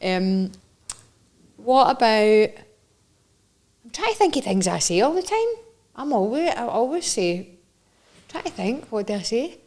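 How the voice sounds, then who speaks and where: A woman's voice: on the high side, very animated, a little slow, pauses often, a little mellow. A young woman with a Scottish accent, co-hosting a podcast in casual, teasing chat and laughing often. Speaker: podcast co-host.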